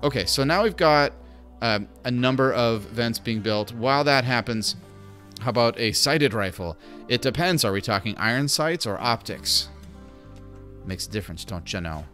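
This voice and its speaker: A man's voice: medium pitch, lively intonation, normal speed, fairly bright tone, faint music behind. A man streaming a video game, chatting casually and talking to the game's characters. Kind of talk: casual gameplay commentary.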